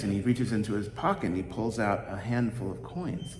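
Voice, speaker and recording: Man, pastor, halting storytelling sermon, church reverb, faint background hiss. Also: fairly low pitch, lively intonation, a little mellow. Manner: halting, many ums and uhs.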